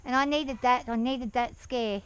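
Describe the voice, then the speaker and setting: A woman talking softly and calmly to her horse as she rides it outdoors around a farm yard, with an action camera worn while riding. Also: a little high, a little slow, clear, resonant tone, low-quality recording. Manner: soft, soothing coaxing of a horse. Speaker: horse rider and farm owner. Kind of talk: riding vlog narration.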